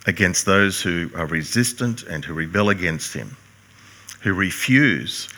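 A man's voice: low-pitched, bright, forceful tone. An older man preaching a sermon, earnest and emphatic, posing rhetorical questions to his congregation. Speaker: pastor.

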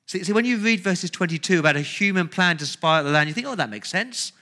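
Male pastor, sermon delivery, bright edge, slightly high, emphatic and questioning. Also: fast talker. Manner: emphatic preaching with rhetorical questions and repetition.

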